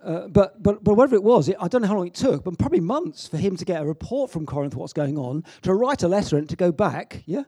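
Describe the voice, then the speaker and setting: Male preacher, informal sermon to young people, slightly raised pitch, husky tone. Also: expressive, fast talker, hardly any pauses, mellow, no echo, clean studio sound. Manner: chatty, joking asides, many restarts. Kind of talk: informal sermon to a youth audience.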